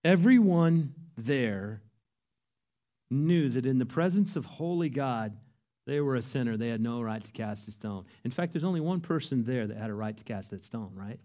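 A man preaching a sermon, earnest and emphatic, his voice rising to loud peaks. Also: medium pitch, expressive, moderate pace. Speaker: pastor.

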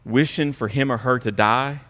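A middle-aged man preaching a sermon in a church, dropping to quiet asides and rising to loud mocking impressions. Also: mid-range voice, normal speed. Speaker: pastor. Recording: long hall reverb.

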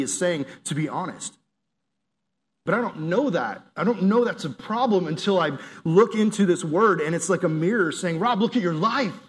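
A young man giving a conversational, earnest youth sermon, acting out inner voices and prayers. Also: on the high side. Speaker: youth pastor.

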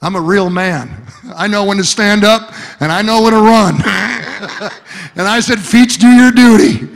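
A man's voice: high voice, gravelly, a bit bright, big-room sound. A male pastor preaching a sermon, telling stories with humor and repeating key words for emphasis. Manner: storytelling with humor and emphatic repetition.

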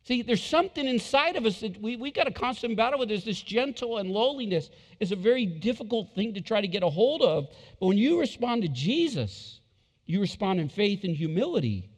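A male pastor with a high, bright-toned voice preaching in a church. He is emphatic, repeats key lines and slips into acted quotes, with a long reverb trailing each phrase around the sanctuary. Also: sing-song, fairly quick. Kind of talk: sermon.

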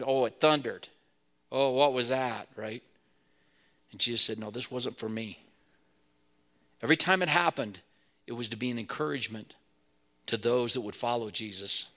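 Male pastor, sermon, gravelly, bright edge, earnest and emphatic. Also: medium pitch. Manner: earnest preaching, rising to emphatic peaks.

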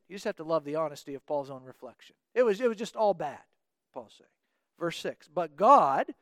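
Guy with a pretty high voice giving a sermon, earnest, keeps repeating words, dry close sound. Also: dry recording. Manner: earnest, often doubles words as he restarts. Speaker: preacher.

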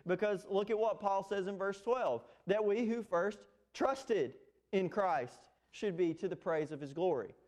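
A man preaching an expository sermon, earnest and emphatic, with fillers and restarts. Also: high voice. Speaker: pastor.

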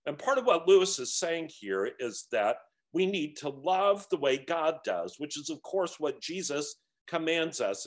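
An earnest man reads from a book and comments on it. His pitch moves freely, and he sounds reflective. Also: big pitch swings, unhurried, few pauses. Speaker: teacher of a book discussion series.

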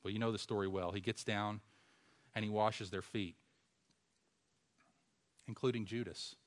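A man preaching a sermon, asking rhetorical questions and swinging from a hush to loud emphasis. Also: lowish voice, fairly even intonation, unhurried.

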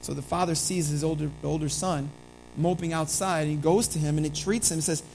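A pastor preaching a sermon, calling listeners family, moving between quiet, slow lines and emphatic ones, with playful asides. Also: medium pitch, vocal fry, faint music behind, rough recording. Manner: animated, swinging between hushed and emphatic delivery.

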